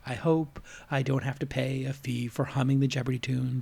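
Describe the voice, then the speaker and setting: A man's voice: on the high side, fairly quick, vocal fry. A man hosting a tech news roundtable, chatting casually, joking and humming a quiz-show tune while his guests think. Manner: lively, hums a quiz-show tune, jokes. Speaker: podcast host.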